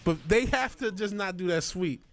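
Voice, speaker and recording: A man streaming a video game live, ranting with profanity and swinging between low mutters and sudden angry shouts at the game, from his home studio. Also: lively intonation, moderate pace. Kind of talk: live gaming stream commentary.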